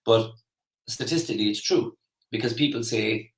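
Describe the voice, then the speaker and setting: A man's voice: mid-range voice, normal speed, reverberant, low-quality recording. An Irish man giving a casual motivational talk, chatty and rambling with lots of restarts and fillers. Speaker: motivational speaker.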